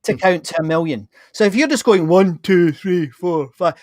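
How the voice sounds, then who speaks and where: Man, podcast host, blunt and lively, slightly high voice, dry close mic. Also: moderate pace, no room sound. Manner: animated, blunt, many restarts. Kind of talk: casual conversation.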